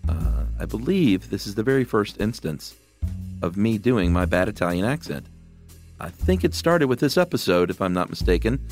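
Folksy, lively low-voiced male host. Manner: folksy and playful, drawn-out words. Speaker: podcast host. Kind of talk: casual show intro.

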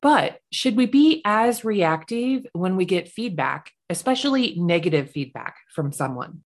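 A woman hosting a solo podcast, telling stories in a chatty, animated way with laughs. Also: mid-range voice, measured pace. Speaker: podcast host.

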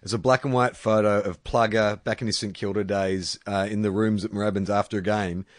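A man's voice: fairly low pitch, a little fast, dry recording, studio quality. A man with an Australian accent co-hosting a casual sports chat, ranting with frequent swearing. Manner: swears freely, animated rants. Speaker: podcast co-host.

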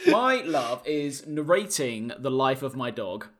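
A man's voice: mid-range voice, sing-song, unhurried, fairly bright tone. A man co-hosting a casual comedy podcast, laughing often and slipping into silly voices for his dog. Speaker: podcast co-host. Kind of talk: casual chat.

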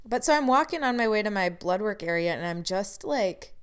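A woman's voice: medium pitch, animated, brisk, clean tone. A woman telling a personal story in a candid, frustrated way, with wry asides.

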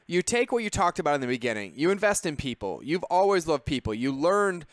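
A man hosts a casual interview, enthusiastic and admiring toward his guest. His voice is smooth and a bit high. The sound is close and dry. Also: big pitch swings, fairly quick, no echo. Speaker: podcast host.

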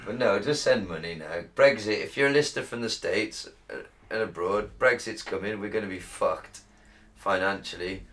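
A man's voice: fairly low pitch, moderate pace, few pauses, fairly bright tone. A man from Britain hosting a casual podcast, joking, laughing often and swearing. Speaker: podcast host.

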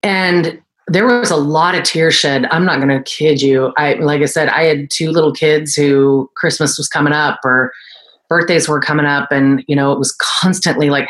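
A woman with a low voice tells her story in a relaxed interview. She is in her forties and works as an esthetician. She gets animated and jumps into a higher pitch when she quotes other people. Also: normal speed. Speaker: guest, esthetician and entrepreneur.

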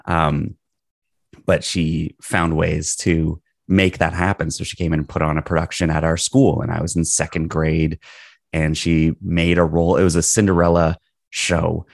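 Deep, gravelly-voiced man telling stories. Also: normal speed, no echo, clean studio sound. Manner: animated, rambling storyteller with fillers. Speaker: guest. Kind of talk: storytelling in casual conversation.

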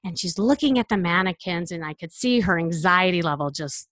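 A middle-aged woman, a personal stylist, telling a story about a client in a lively way, acting out the dialogue. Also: lowish voice, brisk, dry recording. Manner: lively, acts out dialogue in quotes.

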